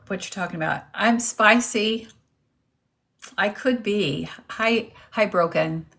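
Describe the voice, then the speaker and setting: A woman reverend hosts a casual live stream from home with her dog, greeting viewers by name and chatting as she eats lunch. Her voice is medium-pitched and creaky.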